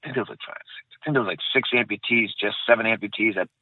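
A man's voice: lowish voice, rapid-fire, no room sound. A man recounting his experience in a casual interview, rambling and correcting himself as he goes. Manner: rambling, self-correcting, repeats phrases. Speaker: guest, bombing survivor. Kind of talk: casual interview, personal account. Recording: dry tinny phone-like sound.

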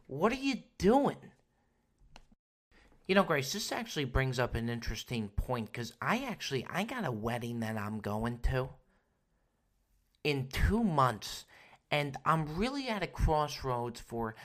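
A man's voice: a little high, a bit bright. A man hosting a comedy podcast, telling crude, rambling, joking stories in a casual rant. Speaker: podcast host.

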